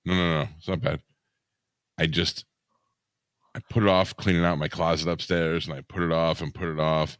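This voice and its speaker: Very deep-voiced, wry podcast co-host man. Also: level tone, normal speed, pauses often, fairly bright tone, smooth, no room sound, clean studio sound. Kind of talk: casual podcast chat.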